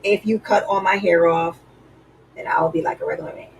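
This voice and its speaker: A woman's voice: lowish voice, fairly quick, creaky, a little hiss or hum, low-quality recording. A woman voicing a strong but weary ancient warrior, speaking matter-of-factly. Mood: confiding.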